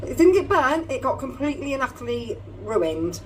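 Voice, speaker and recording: Chatty mum vlogging in a car. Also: female voice, high voice, sing-song, moderate pace, darkish tone, slight background noise, low-quality recording. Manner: chatty and upbeat, addresses her kids mid-talk. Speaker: family vlogger. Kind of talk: casual vlog chat to camera. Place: inside a parked or moving car. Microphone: phone in a holder.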